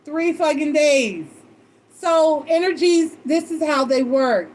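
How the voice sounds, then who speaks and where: Brief: high-pitched woman reader, loose emotional chat, salty language. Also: slow. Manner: animated, emotional and swearing freely. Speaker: tarot reader. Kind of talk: casual storytelling chat.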